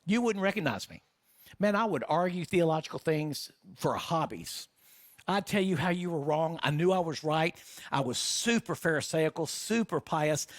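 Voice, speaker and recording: A man's voice: on the high side, lively intonation, moderate pace, no room sound, clean studio sound. A middle-aged man preaching a sermon as pastor, passionate and full of rhetorical questions. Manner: impassioned, rhetorical questions, voices doubts.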